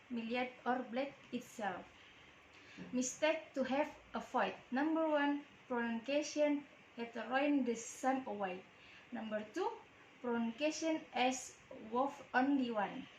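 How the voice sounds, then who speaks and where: A woman's voice: high voice, a little hiss or hum. A woman with an Indonesian accent, a native Indonesian speaker, reading a class presentation in a stumbling, broken way. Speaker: student presenter. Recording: echoey room.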